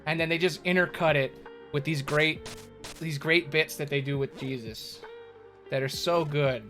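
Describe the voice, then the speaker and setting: A man's voice: on the high side, moderate pace. A man streaming a game and chatting casually with his viewers, rambling and restarting his sentences as he goes. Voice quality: rambling, talks to chat with many restarts. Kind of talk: casual live-stream chat while gaming. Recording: game music playing loudly underneath. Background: video game music.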